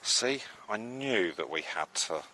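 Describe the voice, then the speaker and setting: Male streamer, lowish voice with a lot of swing, chatty and excitable, faint outdoor sound behind. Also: slow pace, a little hiss or hum. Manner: chatty, excitable, drops to hushed tones. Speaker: live streamer. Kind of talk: casual live-stream chat. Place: outdoors on a beach at low tide.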